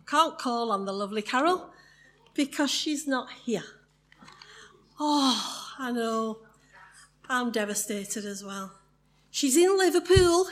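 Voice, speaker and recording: A middle-aged woman, leading a congregation in spoken prayer and then reading the church notices in a chatty, joking way. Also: fairly high pitch. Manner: chatty and warm, laughs easily, jokes with the congregation; slow and solemn in prayer.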